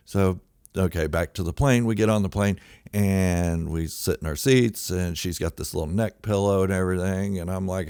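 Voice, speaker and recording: A man with a deep, low voice tells a true story for laughs. He exaggerates freely, jumping from loud, indignant outbursts to quiet mutters. The recording is dry, with no room sound. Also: steady tone, normal speed, clear, resonant tone, no echo. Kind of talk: comic true-story monologue.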